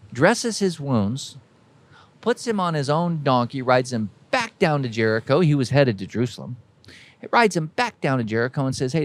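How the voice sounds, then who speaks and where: A man hosting a podcast, delivering a folksy, emphatic motivational monologue that exhorts listeners directly. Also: medium pitch. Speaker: podcast host.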